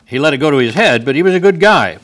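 A man's voice: on the high side, animated, fast talker, a bit bright. A man preaching a sermon who reads scripture aloud and comments on it with wry humor.

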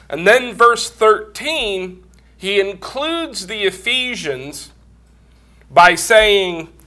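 A man's voice: sits high, pushed and bright. A man preaching a Bible lesson, explaining grammar step by step, congested and coughing from a cold. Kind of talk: Bible teaching sermon.

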